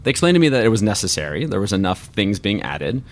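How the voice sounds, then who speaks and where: Deep-voiced man telling an earnest story. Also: sing-song, fast. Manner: earnest, reflective, openly emotional. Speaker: voice actor and artist guest. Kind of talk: personal storytelling in an interview.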